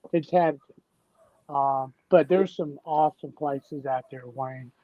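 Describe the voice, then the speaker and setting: Southern guy from tennessee rambling thru stories, real slow, kinda muffled lo-fi sound. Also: on the high side, dry recording. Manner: rambling, folksy storyteller. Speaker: guest. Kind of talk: casual conversation. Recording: dull, dry lo-fi sound.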